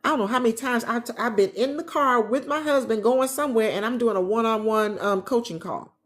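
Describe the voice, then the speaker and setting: A retired woman hosting a casual livestream from her living room, chatting with viewers and reading their comments in a lively, animated way. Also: a little high, a little fast. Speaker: travel agent business coach, livestream host.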